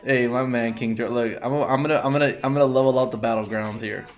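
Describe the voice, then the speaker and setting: Hosting a casual livestream about trading, this young man talks fast in a steady, mid-range voice as he chats with his viewers. His manner is loose, he swears a lot, and he frequently bursts out laughing.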